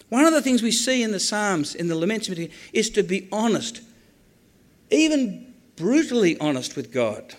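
High-voiced man preaching. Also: normal speed. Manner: animated, acts out quoted prayers, jokey asides. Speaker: preacher teaching on the Psalms. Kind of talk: sermon.

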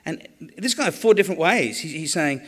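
A man preaching a sermon on the Psalms, animated, acting out quoted prayers with jokey asides. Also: fairly high pitch, moderate pace.

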